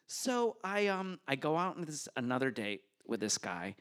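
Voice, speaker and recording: A man telling a true story on stage at a story slam, animated and self-mocking, acting out the dialogue. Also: a little high, moderate pace. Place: stage at a public hall.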